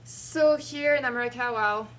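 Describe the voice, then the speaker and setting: A woman's voice: fairly high pitch, moderate pace, a bit bright, distant mic, a little hiss or hum. A woman from France with a French accent, an actress answering interview questions hesitantly, with many fillers. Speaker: actress guest.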